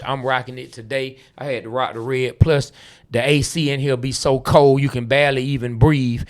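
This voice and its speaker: A man's voice: medium pitch, normal speed, clear, resonant tone. A man hosting a casual sports podcast, laid-back and constantly tagging his sentences with "man.". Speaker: podcast host.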